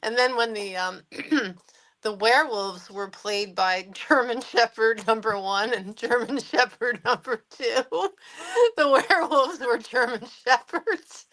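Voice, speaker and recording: A woman co-hosting a casual film discussion, unhurried and quick to laugh. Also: fairly high pitch, sharp tone, no echo, poor audio.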